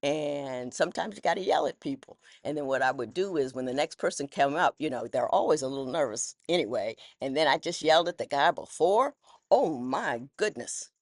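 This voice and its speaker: A woman's voice: sits low, expressive, brisk, no room sound, studio quality. A woman who was once a judge talks through her thoughts in a casual, candid monologue. She rambles and restarts, and her phrasing is folksy. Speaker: former judge sharing personal reflections.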